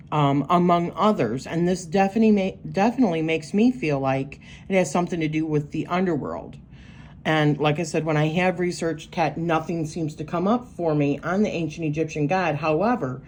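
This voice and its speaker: A woman's voice: lowish voice, a little mellow, a little hiss or hum. A woman giving a casual, rambling walkthrough of her astrology journal pages, thinking aloud with lots of fillers. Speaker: tarot and astrology creator.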